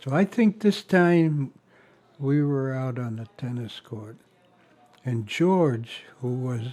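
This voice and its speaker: A man's voice: medium pitch, dark tone. An older man tells family stories in a rambling way, chuckling often and stopping to restart. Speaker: family member sharing memories. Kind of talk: casual storytelling.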